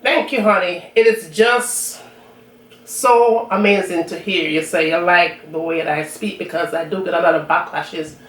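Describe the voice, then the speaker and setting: A woman's voice: on the low side, steady tone, moderate pace, a bit bright. A woman from Jamaica with a strong Jamaican accent, chatting casually with viewers while she eats on her cooking channel. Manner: chatty, talks between bites. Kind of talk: casual chat while eating. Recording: roomy echo, mic at a distance, faint room noise.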